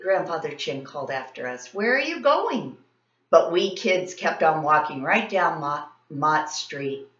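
A woman teacher reading a children's story aloud in an expressive, animated way. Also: low-pitched. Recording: roomy, slightly dull sound.

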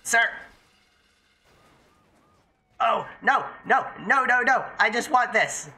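Bright, chatty, swearing game streamer. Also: medium pitch, lively intonation, unhurried. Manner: chatty, profane, talks to self and chat. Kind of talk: casual live-stream gameplay commentary.

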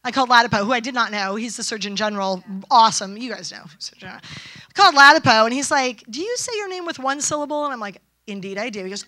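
A woman's voice: a little high, expressive, fast talker, sharp tone, no room sound. A middle-aged woman speaking at a conference, brash and storytelling, acting out quoted dialogue. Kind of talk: conference talk. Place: event stage.

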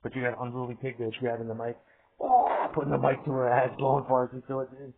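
A man's voice: mid-range voice, level tone, fast, creaky, breathy edge. A man rambling in a profane monologue, laughing often and trailing off mid-thought. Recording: tinny phone-like audio, faint hiss.

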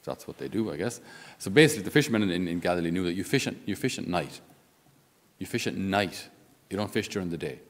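A man's voice: low-pitched, animated, fast talker. A man with an Irish accent, a Catholic priest giving a conversational homily with wry asides. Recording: long reverb of a large hall.

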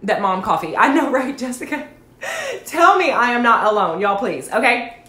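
A woman tells a rambling story to her livestream viewers, peppering it with asides. Her voice sits somewhat high, and the room around her is echoey. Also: normal speed. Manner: chatty, addresses viewers as y'all, animated asides. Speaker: network marketing livestream host. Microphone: phone or webcam livestream.

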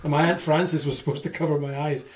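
A man in his forties with a Canadian accent, telling stories as a podcast guest in an animated, chatty way. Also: a little high, fast talker. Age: 40s. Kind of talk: casual chat.

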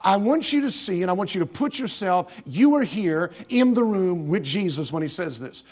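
An American male pastor preaches in a church sanctuary. His voice sits high for a man, and he builds to emphatic bursts, stumbling and restarting as he presses his points. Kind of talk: sermon.

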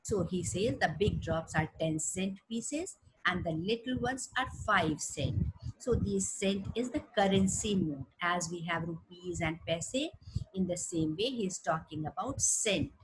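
A woman's voice: on the low side, animated, a little hiss or hum, rough recording. A woman teacher with an Indian English accent, reading a story aloud and explaining it in simple words. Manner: reads a passage aloud, then explains it simply; slow, careful teaching tone with fillers.

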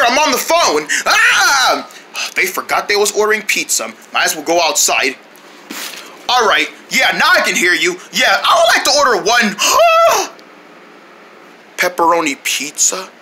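A voice actor performing every character in a comedic cartoon skit, switching between voices with excitable shouting outbursts. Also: medium pitch, a little hiss or hum. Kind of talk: comedic cartoon voice acting with parody ads.

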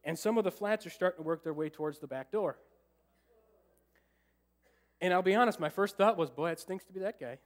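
A man's voice: high voice, a little fast, long pauses. A male pastor preaching a storytelling sermon to his church, acting out his own thoughts with humor. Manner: animated, acts out his own thoughts and jokes with the congregation. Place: church sanctuary.

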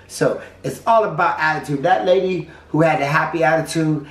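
A man's voice: on the high side, normal speed, a little hiss or hum. Upbeat fifty-year-old man, roomy sound. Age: 50s. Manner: upbeat, preachy pep talk with acted-out quotes. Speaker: vlogger. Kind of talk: casual vlog monologue. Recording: roomy, a bit distant, music behind.

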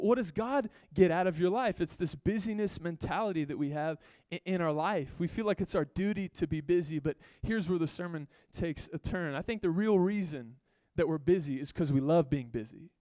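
With a high-pitched voice and no room sound, this male pastor delivers his sermon animatedly and conversationally. He keeps throwing in quick asides to the congregation.

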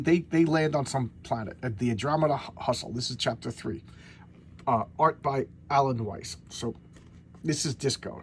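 A man's voice: mid-range voice, darkish tone, a little hiss or hum. Rambling man chatting about comics. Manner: rambling, many restarts and fillers. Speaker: comic book collector vlogger. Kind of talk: casual comic review chat.

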